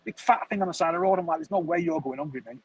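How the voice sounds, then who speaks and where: A football streamer rattles off a rambling, chatty story full of slang, talking casually. His voice is fairly high and breathy-edged, and he speaks rapid-fire. The recording is low quality.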